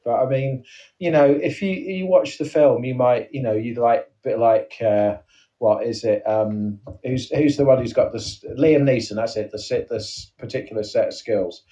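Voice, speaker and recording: A man's voice: mid-range voice, normal speed, warm tone. A man co-hosting a comedy podcast, rambling and hesitant in a playful chat. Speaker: podcast co-host. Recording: dull, distant podcast audio.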